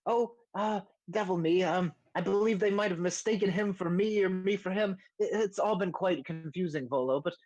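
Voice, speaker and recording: A man voicing a polite, fussy gentleman with formal, genteel phrasing. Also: sits high, moderate pace, hardly any pauses, no echo, highs cut off, faint music behind, pitched above the performer's own voice. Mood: courteous.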